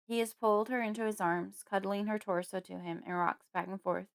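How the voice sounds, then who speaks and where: Smooth-voiced woman narrating horror. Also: mid-range voice, fairly even intonation. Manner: measured, storytelling. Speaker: audiobook narrator. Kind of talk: scripted first-person horror narration.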